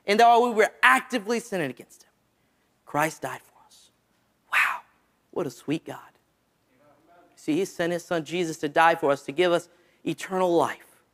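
In an evangelistic sermon, a squeaky-voiced man with a fairly bright tone draws out his key phrases, letting each one drop low as it finishes.

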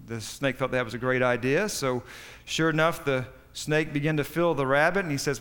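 Folksy preacher in a reverberant church. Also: male voice, medium pitch, fairly bright tone. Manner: folksy storytelling, halting. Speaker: pastor. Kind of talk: sermon.

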